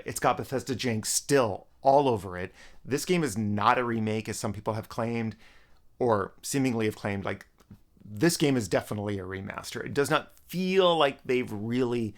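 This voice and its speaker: A man in casual, rambling talk about the games he is playing, often restarting his sentences. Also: mid-range voice. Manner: rambling, self-correcting, frequent restarts. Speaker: gaming vlogger. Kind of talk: casual gaming commentary.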